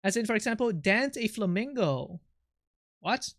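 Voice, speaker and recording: A man's voice: sits high, animated, a little slow, fairly bright tone, no room sound. Playful swearing male streamer, dry sound. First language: not English. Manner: playful, teasing, swears freely, answers chat aloud. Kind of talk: casual live-stream chat.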